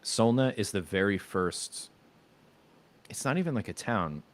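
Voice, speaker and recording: Deep-voiced man rambling casually. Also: lively intonation, unhurried. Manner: rambling, hesitant, self-correcting. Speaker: stream host. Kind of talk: casual chat.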